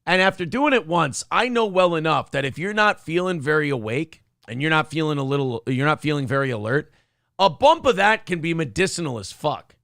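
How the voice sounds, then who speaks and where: Man co-host, gravelly and slightly high, dry close sound, crude banter. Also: big pitch swings, a little fast, a bit bright, no echo. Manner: crude, joking, reads chat aloud. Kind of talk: casual livestream chat.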